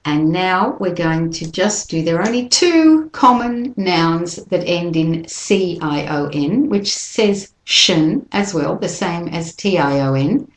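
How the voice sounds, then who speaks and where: Slow, careful woman teaching pronunciation. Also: on the low side, lively intonation. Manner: slow, careful modelling of words for repetition. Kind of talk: English pronunciation lesson. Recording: echoey room.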